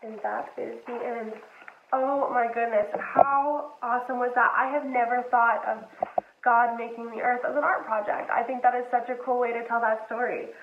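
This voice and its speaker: A woman reading a children's story aloud at home in a gentle, unhurried way, then chatting to her listeners. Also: a little high, level tone, background noise. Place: home, dogs nearby. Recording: echoey, tinny phone-like sound.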